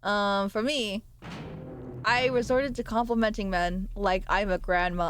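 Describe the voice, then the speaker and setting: Gaming on stream, a young adult woman jokes and rambles animatedly from thought to thought in a casual way. She speaks a little slowly in a mid-range voice, and the recording is rough.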